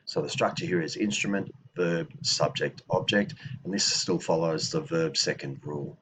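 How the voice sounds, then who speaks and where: A man with a very low voice explains grammar in a relaxed teaching manner. He often restarts his sentences as he thinks aloud and slows down to spell out each example phrase. A faint hiss runs under the recording. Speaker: language teacher. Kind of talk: explanatory lesson.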